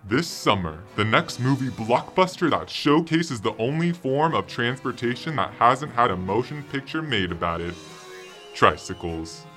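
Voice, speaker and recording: A man's voice: medium pitch, lively intonation, normal speed. A man doing a spoof movie-trailer voice-over with dramatic announcer delivery. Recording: voice over loud music.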